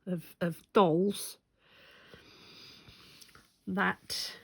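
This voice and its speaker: Lady rambling through a funny story, bit low voice, dry sound. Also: steady tone, very slow, gravelly, husky, dry recording. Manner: chatty, rambling, amused, self-correcting. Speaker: stitching vlogger. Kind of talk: casual anecdotal storytelling.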